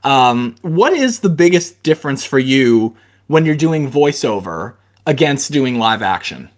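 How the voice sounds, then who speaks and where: A man's voice: mid-range voice, sing-song, a little slow. A male podcast host with a mid-range voice, chatting casually with a guest. He hesitates often and fills gaps with ums and uhs as he thinks aloud. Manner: hesitant, lots of fillers. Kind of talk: casual interview chat.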